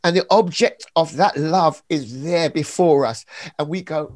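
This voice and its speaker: A man, an author talking about praise and faith in an emphatic, animated preaching way. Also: on the high side, moderate pace, dry recording. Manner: animated, emphatic, acts out little scenes. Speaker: author and preacher being interviewed. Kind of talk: conversational preaching.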